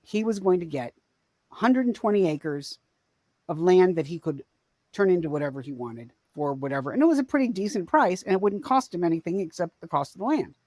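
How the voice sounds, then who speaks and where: A woman in her forties, co-hosting a podcast, recounts a family story in a rambling, self-correcting manner during casual storytelling chat. The dry recording captures a fairly low, darkish voice with lively intonation and a fairly quick pace.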